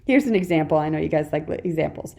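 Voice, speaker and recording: A woman's voice: low-pitched, expressive, fast, creaky. A woman hosting a solo parenting podcast, talking in a chatty, encouraging way and addressing the listener directly. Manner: warm encouraging, addresses listener as "dear warrior"; chatty with frequent "okay" and laughs. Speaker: podcast host and parenting coach.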